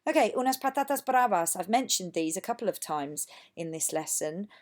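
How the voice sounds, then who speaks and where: A woman's voice: mid-range voice, expressive, fairly quick. A woman teacher from England giving a recorded lesson, patient and encouraging, saying words for students to repeat. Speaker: language teacher.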